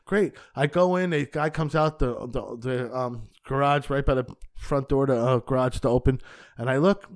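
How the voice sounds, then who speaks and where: A male stand-up comedian telling a casual, profane story as a podcast guest, acting out the dialogue with sudden jumps in pitch and loudness. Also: moderate pace. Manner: profane, rambling with frequent restarts.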